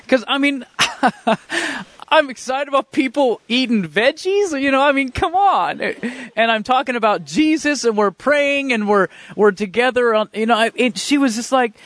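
High-pitched guy telling his faith story, earnest and halting, dry close sound. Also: lively intonation, a bit bright, dry recording. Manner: fervent and emotional. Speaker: speaker sharing a faith testimony. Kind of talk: personal faith testimony storytelling.

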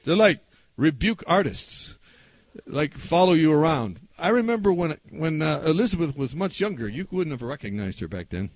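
High-voiced animated male preacher. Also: normal speed, no echo. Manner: animated, acts out quoted voices. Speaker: pastor. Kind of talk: storytelling sermon. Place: camp meeting hall.

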